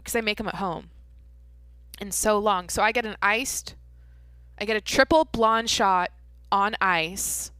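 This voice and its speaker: A woman's voice: medium pitch, a bit bright, smooth, no echo. A young adult woman hosting a podcast, telling a story in rambling casual chat, swearing freely with many fillers and restarts. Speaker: podcast host.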